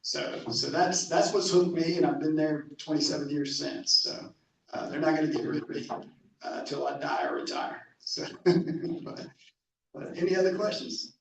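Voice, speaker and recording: A man's voice: on the high side, steady tone, gravelly. Man telling a story from afar in an echoey hall. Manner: storytelling, halting restarts. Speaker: camp director. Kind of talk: speaking to a club meeting. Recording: echoey hall, distant mic, faint noise.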